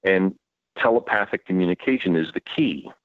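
Male author guest, low and emphatic, sarcastic edge, on a dull dry recording. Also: expressive, normal speed, dry recording. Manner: emphatic, sarcastic rhetorical questions. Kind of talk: interview talk.

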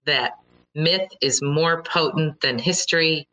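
Middle-aged woman, low and bright, earnest motivational speaker who acts out reactions in her stories. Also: slow, poor audio. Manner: earnest and storytelling, with animated quoted reactions. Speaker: speaker addressing listeners. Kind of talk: motivational talk.

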